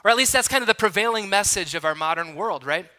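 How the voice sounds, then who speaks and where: A man in his thirties from Wisconsin preaching a sermon, telling a personal story in an animated, conversational, self-deprecating way. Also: high voice, fast. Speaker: pastor. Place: large church hall.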